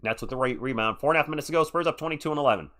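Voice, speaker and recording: His mid-range voice has a sharp edge as this live-stream commentator rattles off casual play-by-play. In the gaps between fast calls, he chats and replies to viewers.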